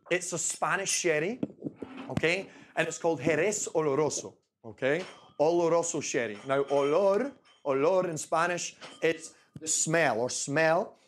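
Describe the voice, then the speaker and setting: A man's voice: a little high, a little hiss or hum. Chatty young Scottish man. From Scotland. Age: 20s. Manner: chatty, repeats phrases, checks in with 'okay?'. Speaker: brand ambassador presenting a tasting. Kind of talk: live tasting talk to an audience. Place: event room with a live audience.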